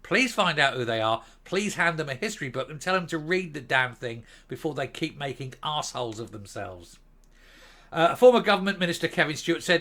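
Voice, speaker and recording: Northern irish guy doing a blunt sarcastic rant, bit of a high voice, really bouncy delivery. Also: expressive, fairly quick, pushed and bright. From Northern Ireland. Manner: blunt, scornful and sarcastic, with mild swearing. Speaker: host of a political commentary channel. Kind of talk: ranting opinion commentary.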